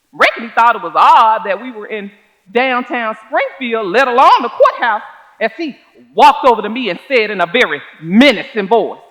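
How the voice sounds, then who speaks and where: A woman's voice: on the high side, expressive, fairly bright tone, poor audio. A woman playing a dignified older schoolteacher. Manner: measured, folksy storytelling with drawn-out phrasing. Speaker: stage performer. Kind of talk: one-woman stage monologue. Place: theater stage.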